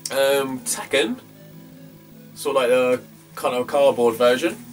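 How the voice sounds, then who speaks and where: A man's voice: medium pitch, slow pace, recorded from a distance. A young man rambles through his latest retro game finds, swearing freely as he goes. He sits some way back from the mic, with faint guitar music playing behind him. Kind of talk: casual vlog chat.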